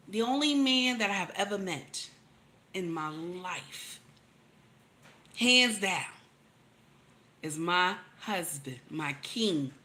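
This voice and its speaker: A woman's voice: a little high, pushed and bright. A woman, giving casual, preachy relationship commentary, emphatic and repetitive, calling out to her listeners. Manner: emphatic, repeats lines, calls out to listeners.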